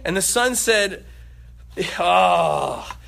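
A man preaching a sermon in a lively way, acting out the voices in the story and joking with the congregation. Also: on the high side, brisk. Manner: animated, acts out voices, laughs and jokes.

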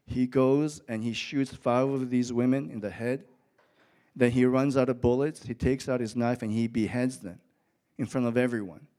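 A man's voice: mid-range voice, fairly even intonation, moderate pace, mellow. Man preaching a storytelling sermon. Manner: storytelling, rising to emphatic peaks. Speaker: pastor. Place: church with an audience.

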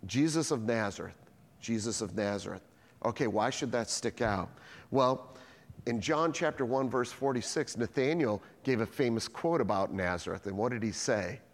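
A man's voice: mid-range voice, moderate pace, long reverb tail. A man preaching a sermon, telling stories with lots of energy and acting out the dialogue himself. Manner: animated storytelling, acting out dialogue. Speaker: pastor.

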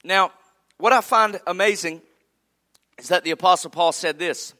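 Man, pastor, folksy sermon, high voice, emphatic peaks. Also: normal speed, sharp tone.

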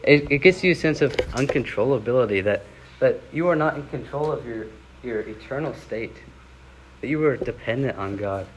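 A man's voice: mid-range voice, lively intonation, fairly quick, rough recording. Young guy preaching, laid back and chatty, gets dramatic on the bible quotes, faint room noise behind. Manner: casual, conversational preaching with dramatic scripture readings. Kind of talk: sermon.

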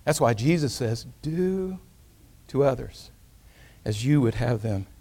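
A man preaching a sermon, telling a story and swinging between loud emphatic rises and quiet hushed moments. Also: medium pitch, lively intonation, takes it slowly. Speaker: pastor.

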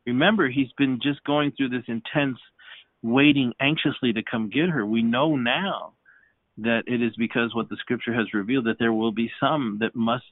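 A man's voice: medium pitch, normal speed, no echo. Man, Bible study leader, fervent preaching, repeats himself, dry tinny phone-line sound.

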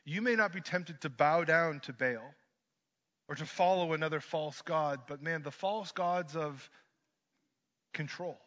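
A man preaching a sermon, swinging from hushed lines to loud ones and mixing in joking asides. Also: on the high side, unhurried. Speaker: pastor. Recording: dull lo-fi sermon recording.

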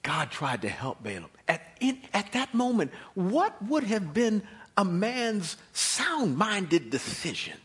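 A male preacher tells a Bible story in an animated sermon, dropping to near-hushed tones and then surging. His voice sits high for a man and is bright and husky. The pitch swings widely. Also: slow.

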